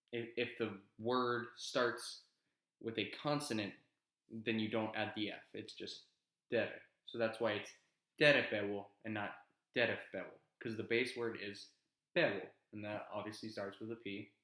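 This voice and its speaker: A young man casually teaching his invented language, relaxed and rambling, with many ums and self-corrections. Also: lowish voice, reverberant. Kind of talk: casual explanatory lesson.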